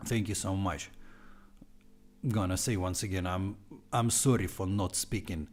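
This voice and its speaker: A man's voice: deep voice, steady tone, a little slow, pauses often, darkish tone. A young man with a Russian accent, chatting informally on his live stream and dropping in Russian words. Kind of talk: casual live stream chat.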